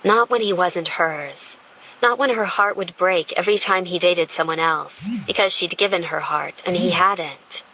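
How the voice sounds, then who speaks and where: A woman reading a romance audiobook in a smooth, intimate storytelling manner. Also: fairly low pitch, moderate pace, sharp tone, a little hiss or hum, poor audio. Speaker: audiobook narrator. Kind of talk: scripted romance narration.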